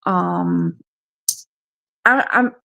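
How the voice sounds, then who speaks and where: Very slowly, with vocal fry and a bright, forceful tone, a South Carolina woman bluntly tells a radio show about an ordeal she lived through. Her voice sits on the low side.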